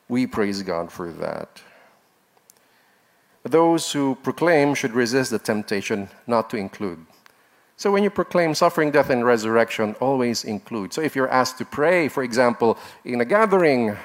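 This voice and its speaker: Male pastor, mid-pitched voice, earnest exhorting sermon delivery with sharp emphatic rises.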